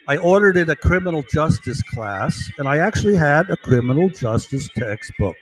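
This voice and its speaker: A man ranting angrily to his viewers, swearing, shouting insults and tagging sentences with "right?" and "okay?". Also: fairly high pitch, a little hiss or hum, rough recording. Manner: agitated, repeatedly asks right and okay. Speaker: vlogger. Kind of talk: angry rant to camera.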